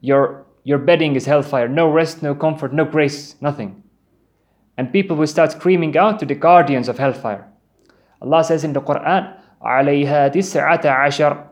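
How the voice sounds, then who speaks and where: A man's voice: a little high, moderate pace, a little mellow. A man giving an earnest Islamic sermon, telling vivid stories and reciting Quran verses in Arabic. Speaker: preacher.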